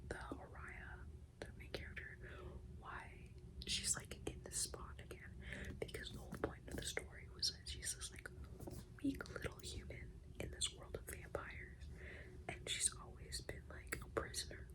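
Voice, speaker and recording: A woman's voice: moderate pace, low-quality recording. Whispering young woman, late-night vlog. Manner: whispering, gushing and exasperated about a book; swears freely, fillers like "like". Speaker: vlogger. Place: at home in pajamas, late at night.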